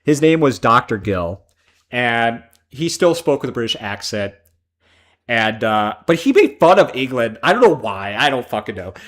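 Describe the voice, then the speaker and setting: A man's voice: medium pitch, big pitch swings, normal speed, fairly bright tone. A man from Chicago hosting a casual gaming livestream, swearing freely and drifting into tangents. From Chicago, American Midwest. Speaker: livestream host.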